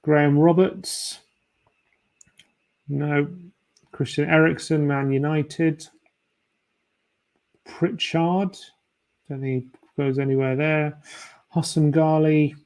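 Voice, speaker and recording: Bloke hosting a fan stream, slightly high voice, mumbling through quiz guesses out loud. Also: male voice. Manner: thinks aloud, muttering guesses to himself. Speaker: fan channel host. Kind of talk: casual livestream chat while playing a quiz.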